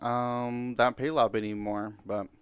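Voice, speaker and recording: A man's voice: medium pitch, little pitch movement, measured pace, clean tone, no echo, studio quality. A man hosting a casual podcast, talking through game lists with many fillers. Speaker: podcast host.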